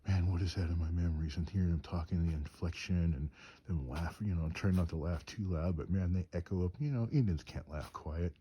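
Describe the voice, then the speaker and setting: With a deep, mellow, slightly rough voice and a brisk pace, this craftsman spins rambling stories and chuckles as he shivers in the night air. It is casual storytelling, set outdoors on a mountain trip.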